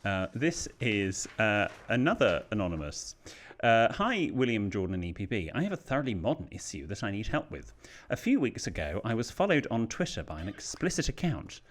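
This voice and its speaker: A man's voice: lowish voice, a little fast, few pauses. A British man co-hosting a podcast, reading listener letters aloud in a casual chat. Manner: lively, animated reading voice.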